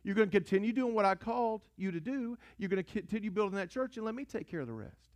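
A man's voice: high-pitched, expressive, quick pace, no echo, clean studio sound, pitched above the performer's own voice. A man voicing God as a patient, fatherly figure who chides with rhetorical questions. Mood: gently chiding.

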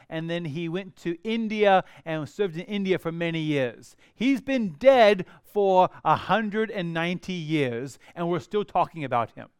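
A man preaching a sermon as pastor, earnest, rising to emphatic bursts and dropping low and quiet. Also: clean tone, no echo, clean studio sound.

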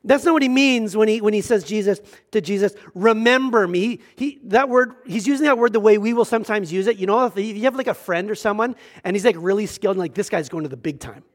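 High-voiced pastor preaching. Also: male voice, quick pace, few pauses. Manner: conversational, earnest, humorous asides, frequent restarts. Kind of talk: sermon.

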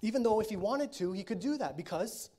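A man preaching a sermon. He talks with his congregation, often checks in with them, and moves between quiet, low statements and loud, emphatic declarations. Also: lively intonation, a little fast. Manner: conversational preaching with frequent check-ins to the congregation. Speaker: pastor.

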